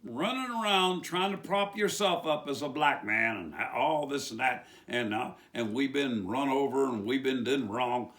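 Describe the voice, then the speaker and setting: A man's voice: medium pitch, measured pace, few pauses, a bit bright. A man from West Virginia with a West Virginia accent, preaching an informal sermon in a rambling way full of rhetorical questions.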